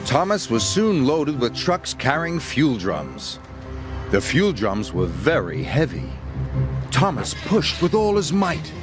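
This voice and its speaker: A man reads a children's train story aloud in a slow, measured way. His pitch rises and falls widely as he tells it. Loud music plays throughout underneath him. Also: wildly swooping pitch. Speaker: storybook narrator. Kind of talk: storybook narration.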